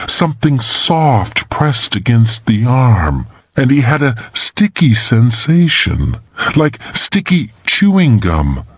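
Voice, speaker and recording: A man's voice: husky, no room sound. A man narrating a thriller audiobook in a dramatic, tense manner. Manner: dramatic and tense, pitch climbing in the frightening moments.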